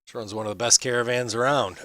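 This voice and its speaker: A man voicing a male inn guard who talks in a brisk, matter-of-fact way. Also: mid-range voice, steady tone, a bit bright, no echo, studio quality, lightly acted.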